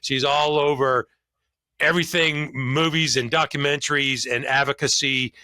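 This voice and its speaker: Bright-voiced jovial male podcast host. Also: medium pitch, steady tone, normal speed, dry recording. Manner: jovial, upbeat, joking. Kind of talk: casual podcast hosting.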